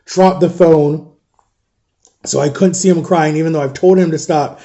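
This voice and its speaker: A man's voice: fairly high pitch, fairly even intonation, normal speed, mellow. A man in his thirties telling a personal story in a casual storytime vlog, animatedly retelling a conversation and quoting both sides of it.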